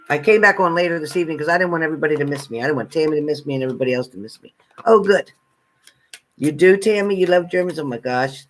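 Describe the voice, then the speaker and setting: A man's voice: a little high, fast talker, a bit bright, low-quality recording. A man doing a live tarot reading, chatting and reassuring viewers by name as he goes. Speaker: tarot reader.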